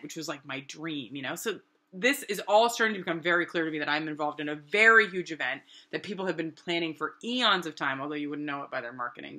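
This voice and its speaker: A woman in her thirties from New Hampshire telling a personal story in a rambling, animated way with lots of fillers. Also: on the low side. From New Hampshire, USA. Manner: animated, rambling, many "like" fillers, acts out quotes. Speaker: artist and vlogger.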